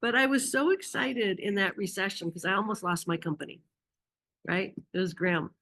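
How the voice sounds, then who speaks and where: A woman presenting a marketing masterclass, energetic and enthusiastic, who acts out quoted dialogue and laughs often. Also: mid-range voice, moderate pace, creaky. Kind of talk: presentation talk.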